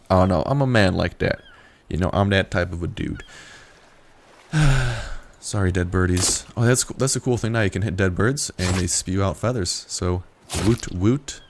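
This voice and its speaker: A young man with a deep, creaky voice casually commentates a survival game as a let's-play, joking around playfully and tossing in profane asides. There's slight background noise.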